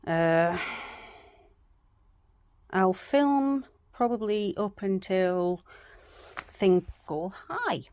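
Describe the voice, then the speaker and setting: A woman's voice: mid-range voice, sing-song, very slow, long pauses, a little mellow. A woman vlogging casually from her home craft room, chatty and self-deprecating, rambling with plenty of fillers. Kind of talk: casual chat to camera.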